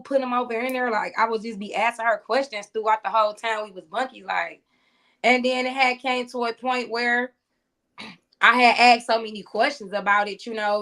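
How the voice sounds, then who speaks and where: A woman's voice: fairly high pitch, normal speed, sharp tone. Blunt, profane woman telling a story. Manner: blunt and profane, acts out quoted exchanges. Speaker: guest, former cellmate. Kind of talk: casual interview storytelling.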